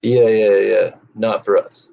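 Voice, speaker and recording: A man on a casual podcast chat, explaining things slowly and hesitantly with many fillers. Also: on the low side, steady tone, gravelly, warm tone, muffled recording.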